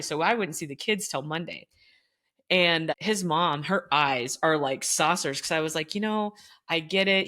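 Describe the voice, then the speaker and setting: A woman, a former teacher, telling a school story in casual chat and acting out the people she quotes. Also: deep voice. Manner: animated, acts out quoted voices, laughs while telling.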